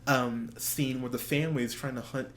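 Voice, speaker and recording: A man's voice: mid-range voice, fairly even intonation, normal speed. A young man co-hosting a movie podcast, gushing in casual chat, swearing often and laughing. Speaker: podcast co-host. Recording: faint background noise.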